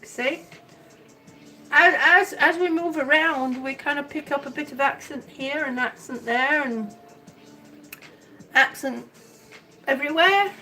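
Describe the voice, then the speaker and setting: An older woman from Miami with a high voice tells a rambling story in casual chat. Her accent mixes the American South and the Midwest. She sits a little back from the mic, and faint music plays behind her. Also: slow pace, pauses often, pushed and bright, far from the mic, poor audio. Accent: mixed American Southern and Midwestern. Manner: chatty storyteller, rambling with restarts. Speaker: vlogger.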